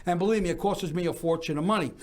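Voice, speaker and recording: Older guy hosting a variety show, high voice, gushing showman style, doubles up words for emphasis. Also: very fast. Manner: effusive, emphatic, repeats words. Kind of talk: showman's monologue.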